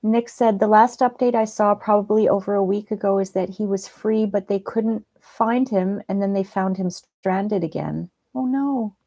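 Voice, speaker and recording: A woman hosting a livestream, chatting gently and reading out viewers' comments. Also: medium pitch, fairly even intonation, normal speed, hardly any pauses, dry recording, dull audio. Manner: soft-spoken, gentle, chatty. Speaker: livestream host.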